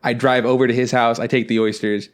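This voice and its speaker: Fast-talking man telling rambling stories. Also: mid-range voice, level tone. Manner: rambling anecdotes with acted-out quotes, swears freely. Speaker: podcast co-host. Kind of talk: casual storytelling chat.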